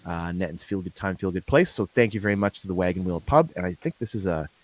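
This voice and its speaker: A man's voice: low-pitched, lively intonation, quick pace, rough recording. A man hosting a casual live morning show, joking and teasing his co-host with lots of fillers.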